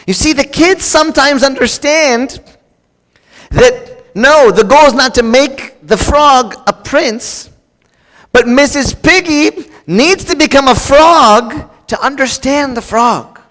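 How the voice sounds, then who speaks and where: Speaking slowly in an extremely high, fairly bright voice, a male preacher jokes his way through a conversational sermon aimed squarely at the congregation. Casual fillers and restarts pepper his talk, and a large hall's long reverb surrounds it.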